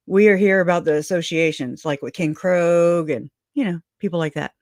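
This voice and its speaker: A woman hosting a livestream, angry and profane, with halting restarts and frequent laughs. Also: lowish voice, a little mellow, dry recording, clean studio sound. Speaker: livestream host.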